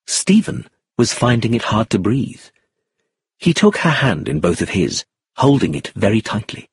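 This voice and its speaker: A man narrating an audiobook in an unhurried, expressive way. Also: medium pitch, slightly rough, no room sound, studio quality. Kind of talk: scripted narration.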